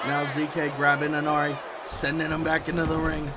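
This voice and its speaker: A man giving play-by-play wrestling commentary over a video game, shouting often and jumping from calm calls to loud outbursts. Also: on the high side, brisk. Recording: loud crowd and noise behind the voice. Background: game crowd ambience.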